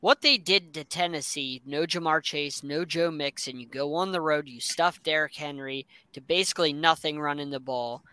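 A man's voice: on the high side, normal speed, hardly any pauses, sharp tone, clean tone, dry recording. A man co-hosting a sports talk show, chatting casually and opinionated about football teams. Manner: enthusiastic, opinionated, rambling.

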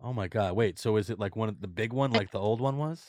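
A man's voice: lowish voice, fast, darkish tone, no room sound, clean studio sound. A man hosting a podcast, chatting casually with guests, joking and swearing freely. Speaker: podcast host. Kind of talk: casual chat.

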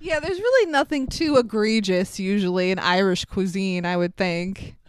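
A woman's voice: medium pitch, moderate pace, clear, resonant tone, no room sound. Laughing woman retelling a movie. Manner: laughing, profane, animated retelling. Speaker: podcast co-host. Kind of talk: casual movie recap chat.

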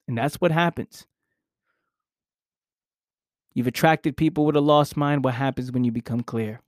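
A male podcast host delivers an earnest, emphatic motivational monologue, repeating key phrases and swearing casually. His mid-range voice moves at a moderate pace with frequent pauses. The recording is dry and of studio quality.

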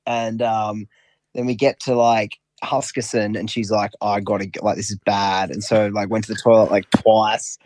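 A man's voice: lowish voice, little pitch movement, normal speed, a little mellow, no echo. Rambling man telling a story. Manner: rambling, heavy with fillers, amused. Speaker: caller. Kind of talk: casual storytelling.

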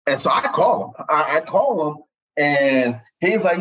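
A sportswriter in his forties with a slightly raised, husky voice. He tells his stories eagerly, doubling back over his words and leaping higher in pitch whenever he quotes someone. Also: lively intonation, unhurried, a bit bright, low-quality recording. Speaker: sportswriter guest. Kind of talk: storytelling in conversation.

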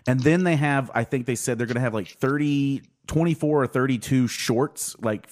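A man hosting a podcast, chatting casually with friends and swearing as he rambles. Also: moderate pace. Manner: rambling, swearing, lively pitch. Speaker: podcast host.

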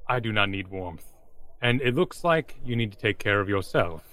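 A man's voice: lowish voice, expressive, moderate pace, a bit bright, a little hiss or hum. A man voicing a pompous, aloof lizardfolk champion who speaks in grandiose formal phrases.

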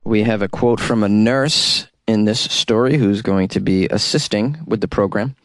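A man's voice: on the low side, moderate pace, few pauses, no echo. Wry, chatty male talk radio host. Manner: wry, chatty, sarcastic asides. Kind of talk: call-in talk show news commentary.

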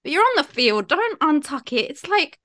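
A woman's voice: high-pitched, very animated, moderate pace, sharp tone. A woman from India co-hosting a casual podcast, enthusiastic and opinionated. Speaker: podcast co-host.

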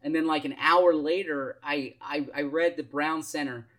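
A man with a somewhat high voice co-hosts a casual sports podcast. He talks in halting stretches with repeated starts and fillers, and builds up to questions for the others. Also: steady tone, fairly bright tone. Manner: hesitant, full of restarts and fillers, asks questions. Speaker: podcast co-host.

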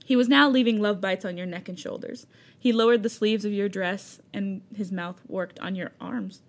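A woman's voice: medium pitch, moderate pace. Woman, podcast co-host, casual read-aloud, giggly. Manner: giggly, breaks into laughter while reading. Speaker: podcast co-host reading fan fiction. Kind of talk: casual reading aloud with banter.

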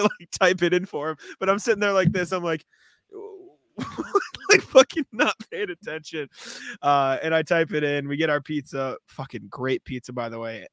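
A man co-hosting a casual sports podcast, telling animated stories with plenty of swearing and laughter. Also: a little high, normal speed, no echo. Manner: animated storytelling, swears freely, laughs often. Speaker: podcast co-host. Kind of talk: casual chat.

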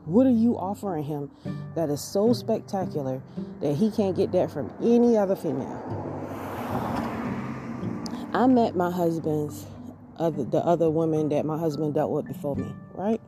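Southern woman with a lowish voice. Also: expressive, moderate pace, over music. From southern United States. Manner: folksy, repetitive, addresses listeners directly. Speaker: podcast host. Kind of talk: casual monologue.

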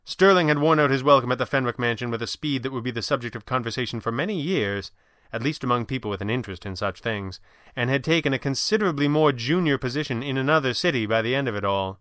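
A man reading a story aloud in a measured, even manner. His voice is bright and crisp, close and dry on the mic. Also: medium pitch, dry recording. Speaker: narrator. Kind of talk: audiobook narration.

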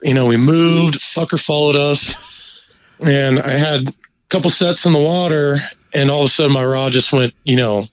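A man telling a fishing story in a laid-back, profane, animated way during a casual chat. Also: a little high, normal speed, dry recording, muffled recording. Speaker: guest angler.

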